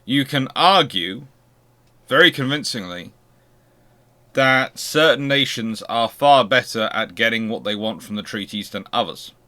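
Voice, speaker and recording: A man's voice: medium pitch, measured pace, sharp tone. A man hosting a history channel, giving an unscripted lecture and posing rhetorical questions as he explains.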